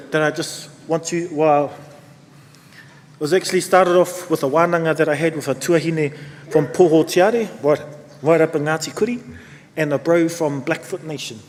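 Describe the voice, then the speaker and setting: A man with a New Zealand accent giving a relaxed, rambling speech at a conference, with many fillers. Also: a little high, in a large hall, a little hiss or hum. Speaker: conference speaker. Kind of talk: speech to an audience. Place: conference hall.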